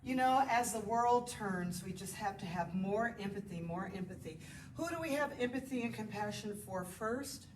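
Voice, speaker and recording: Animated and at a normal speed, a medium-pitched female yoga instructor talks her live class through poses, counting aloud and encouraging them, at times out of breath. Recorded from a distance via a sometimes-distant body mic, she sounds off mic in an echoey room with faint noise.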